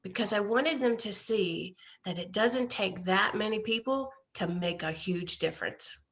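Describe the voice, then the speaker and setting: A woman's voice: mid-range voice, a little slow, a bit bright. A woman guest in an online interview, earnestly telling how her care-package effort grew, often quoting others. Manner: earnest, storytelling with quoted voices. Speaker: guest, nonprofit founder. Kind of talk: casual interview storytelling. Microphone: video call.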